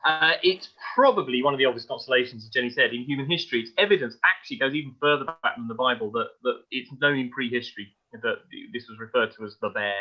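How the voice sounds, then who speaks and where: A man's voice: medium pitch, fast, few pauses. A man co-hosting an astronomy podcast, telling myths in a jokey, irreverent way. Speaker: podcast co-host. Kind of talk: casual chat about astronomy. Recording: dull lo-fi audio.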